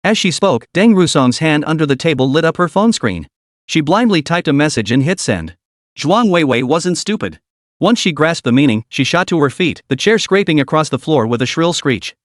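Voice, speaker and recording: A man narrates a comic recap in a dramatic storytelling manner. His voice sits slightly high and moves lively in pitch. The sound is dry and close. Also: moderate pace, dry recording.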